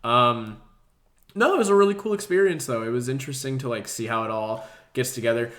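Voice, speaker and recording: A young man co-hosting a casual podcast. He talks at a middling pitch and wanders through a long anecdote. He curses offhandedly and slips into other people's voices when he quotes them. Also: fairly quick, a bit bright. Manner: rambling storyteller, swears casually. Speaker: podcast co-host.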